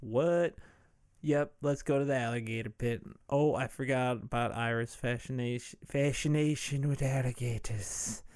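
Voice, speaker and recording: A man's voice: medium pitch, normal speed, a little mellow, smooth, no echo. A man hosting a podcast, recapping a movie casually with irreverent jokes and swearing. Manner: irreverent, jokey, swears freely. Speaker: podcast host.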